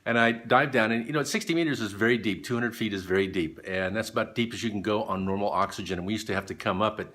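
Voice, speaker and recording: A middle-aged man vlogging, telling a story in an animated way and acting out the people in it. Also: on the low side, quick pace, hardly any pauses. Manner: animated storyteller, voices the people in his story, laughs often. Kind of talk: motivational storytelling vlog.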